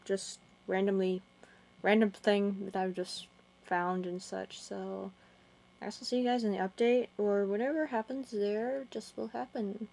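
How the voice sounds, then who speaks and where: A woman's voice: mid-range voice, fairly even intonation, vocal fry, dark tone. Rambling young woman vlogger. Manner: rambling, halting, many restarts and fillers. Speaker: gaming video creator. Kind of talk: casual vlog recounting a chat.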